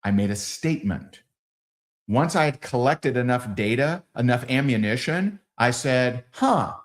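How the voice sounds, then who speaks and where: A man leading a live sales training, acting out both sides of sales calls in lively quoted dialogue. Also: mid-range voice, measured pace.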